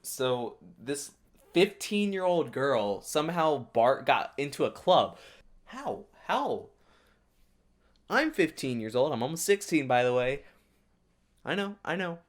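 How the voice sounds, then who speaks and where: A man hosts a reaction video, riffing on what he watches in casual comedic commentary. He is excitable and sarcastic, full of quick asides. His voice sits at an ordinary male pitch.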